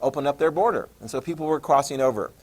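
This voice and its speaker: Animated male history teacher lecturing. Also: mid-range voice. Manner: animated storytelling, acts out leaders in quick voices; repeats key terms for note-taking. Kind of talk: classroom lecture.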